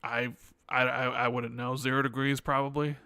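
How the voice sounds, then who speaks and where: Male podcast host, sarcastic and chatty, gravelly edge, dry close sound. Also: medium pitch, level tone, normal speed, sharp tone, no room sound. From United States. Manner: joking, sarcastic, with frequent restarts. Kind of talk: casual chat.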